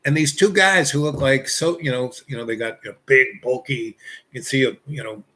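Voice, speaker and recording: A man's voice: mid-range voice, normal speed, pushed and bright. Rambling man telling an anecdote. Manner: rambling, full of "you know" fillers and restarts. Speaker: storyteller. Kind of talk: casual spoken anecdote.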